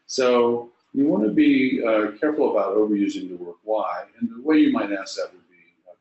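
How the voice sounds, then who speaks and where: A man giving a leadership coaching webinar, talking in a thoughtful, halting way with many fillers and restarts. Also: fairly low pitch, lively intonation. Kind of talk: webinar presentation. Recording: echoey, dull lo-fi webinar audio.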